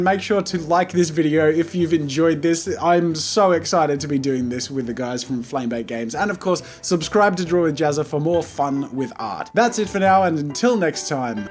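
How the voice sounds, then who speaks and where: A man hosting an online art channel and talking to viewers in an upbeat, chatty way. His voice sits fairly high, and he laughs easily between sentences. Quiet music plays faintly behind him. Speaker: YouTube art channel host. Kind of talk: casual video outro.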